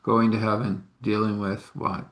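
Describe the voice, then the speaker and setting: Man as a weary farmer, low-voiced and plainly spoken. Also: level tone, unhurried, a bit bright.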